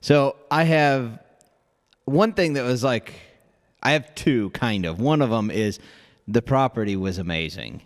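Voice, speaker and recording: A man co-hosting a podcast in casual chat, relaxed and chiming in with short remarks. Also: mid-range voice, slow pace, in a large hall. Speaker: podcast co-host.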